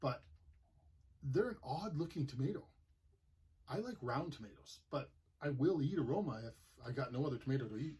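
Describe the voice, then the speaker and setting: A man's voice: mid-range voice, animated, brisk, darkish tone, breathy edge. A man from Manitoba hosting a gardening channel, talking in a chatty, plainspoken way and telling stories. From Manitoba, Canada. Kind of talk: casual explanatory vlog.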